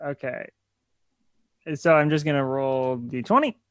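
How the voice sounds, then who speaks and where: A man's voice: mid-range voice, animated, a little slow, a bit bright, clear, resonant tone, no room sound, studio quality. A man playing in a tabletop game, asking questions and joking eagerly. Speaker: player. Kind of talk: casual tabletop game play.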